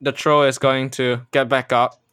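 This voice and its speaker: A man's voice: medium pitch, little pitch movement, measured pace, a bit bright, clean tone, no echo. A man narrating as game master of a tabletop role-playing session, casual and laid-back.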